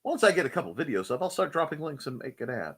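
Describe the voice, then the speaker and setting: A man's voice: on the high side, big pitch swings, fast talker, a bit bright, husky. A man hosting a casual live chat show, playful and jokey, often breaking into silly voices. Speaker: host.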